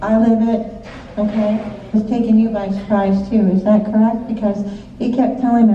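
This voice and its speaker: A woman's voice: mid-range voice, flat delivery, normal speed. A woman working as a psychic medium, giving live stage readings to an audience in a chatty way, laughing often and checking in with short questions. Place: large hall with a live audience. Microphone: audience member's phone recording from the seats. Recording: echoey hall from far off, muffled, faint noise.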